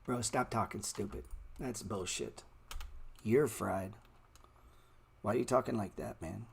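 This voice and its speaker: Blunt, slangy low-voiced trading streamer. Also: male voice, measured pace, vocal fry, husky. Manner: blunt slangy street talk, calls viewers bro; repeats words playfully. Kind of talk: live market commentary answering chat.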